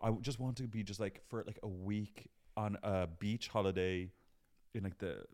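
A young man co-hosting a podcast, with a slightly low voice. He talks in a camp, playful way and keeps the banter going. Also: steady tone, normal speed, a little mellow. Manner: camp, joking, chatty. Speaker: podcast co-host. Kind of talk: casual chat.

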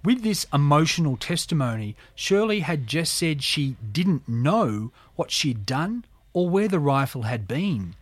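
A man narrating a true crime story, reading court testimony in a measured, subdued way. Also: on the high side, sing-song, no room sound.

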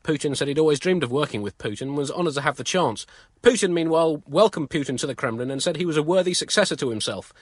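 A man's voice: a little high, expressive, fast, slightly rough, no room sound, clean studio sound. A man co-hosting a comic news podcast, trading ironic asides and laughing often. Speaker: co-host.

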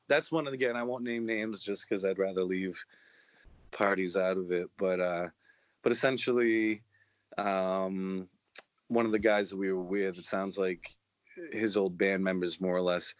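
A man's voice: low-pitched, no room sound, lo-fi sound. A man telling rambling, profanity-laced stories in a casual chat. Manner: profane, rambling, matter-of-fact.

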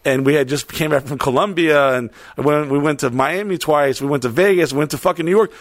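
A man's voice: on the high side, fairly quick, no echo. Man, casual storyteller, swears a lot, dry recording. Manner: profane, rambling, animated retelling with quoted voices.

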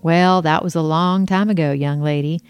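A woman's voice: sits low, steady tone, moderate pace, faint music behind, natural voice. A woman reading as a sweet, upbeat elderly man, a retired fire chief who talks in a folksy, polite, easygoing way. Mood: friendly.

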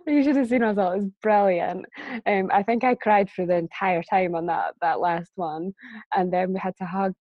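A woman's voice: medium pitch, normal speed, no echo, dull audio. A woman telling a personal story as a guest in a casual conversation, chatty and laughing often. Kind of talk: casual chat.

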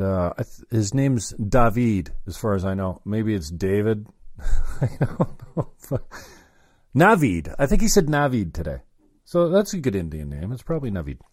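A man's voice: medium pitch, a little mellow, no echo, clean studio sound. A man telling a long, rambling story, cursing and cutting himself off mid-sentence. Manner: rambling, self-interrupting, profane.

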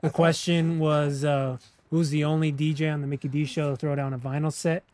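A man co-hosting a DJ show in casual chat, upbeat and quick to agree. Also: a little high, flat delivery, a little mellow, no echo. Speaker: show co-host.

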